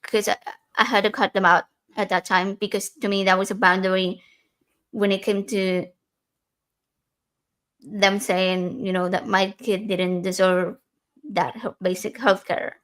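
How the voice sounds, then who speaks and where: A woman in an unscripted podcast conversation, speaking earnestly about her own experience at a medium pitch. She talks in a natural, personal way and often pauses to restart her sentences. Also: level tone, fairly bright tone.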